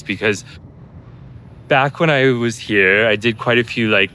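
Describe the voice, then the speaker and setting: A man with a bright, forceful tone chats on a travel vlog and tells stories with plenty of animation. His voice sits fairly low, with faint ambient noise behind him on the street and in a restaurant. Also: normal speed. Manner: storytelling, animated, laughing. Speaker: travel vlogger. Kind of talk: casual travel vlog chat. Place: outdoors and in a restaurant on a city trip.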